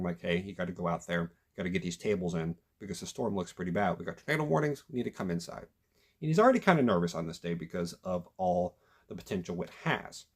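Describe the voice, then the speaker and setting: Animated husky-voiced man reviewing. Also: lowish voice. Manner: animated, emphatic, frequent restarts. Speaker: documentary reviewer. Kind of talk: casual commentary retelling a story.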